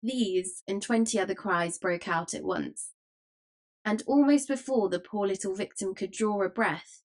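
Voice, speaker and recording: A woman reading a classic novel aloud as an audiobook narrator, in a measured storytelling manner. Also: medium pitch. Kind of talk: scripted narration.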